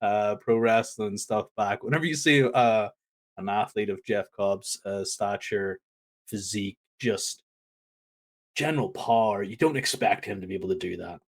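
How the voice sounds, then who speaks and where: A man co-hosting a wrestling podcast, talking casually in an animated, rambling way with many fillers. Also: lowish voice, normal speed. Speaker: podcast co-host.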